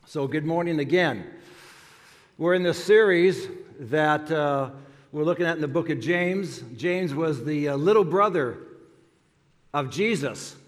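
Speaking unhurriedly in a fairly high pitch, this older man is a pastor giving a folksy, joke-filled sermon packed with stories and fillers. Long reverb from the church sanctuary hangs on every word.

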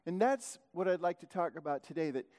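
Rambling male preacher, self-correcting, slightly high voice, hall reverb. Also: expressive, fairly quick, a little mellow. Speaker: pastor. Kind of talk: sermon.

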